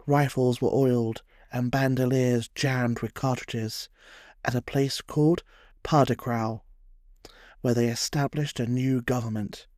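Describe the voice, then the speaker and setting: A man's voice: medium pitch, warm tone, dry recording. A man narrating a scripted history tale in a wry storytelling way, with dry humorous asides.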